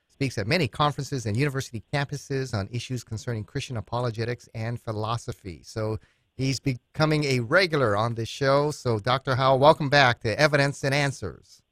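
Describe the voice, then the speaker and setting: A man's voice: mid-range voice, a little fast, fairly bright tone, dry recording. Male radio host, earnest and conversational, dry close mic, mid-range voice. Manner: earnest, tells anecdotes with laughter. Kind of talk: radio interview.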